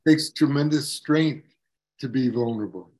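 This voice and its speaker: A man speaking as a podcast guest over a video call, calm and measured. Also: medium pitch. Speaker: guest, writer.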